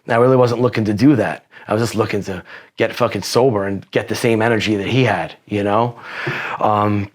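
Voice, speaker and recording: Male guest, lower register, loose profane storyteller who leans on filler phrases. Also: steady tone, fairly quick. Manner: profane, rambling, peppered with "you know". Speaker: podcast guest. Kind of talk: casual storytelling.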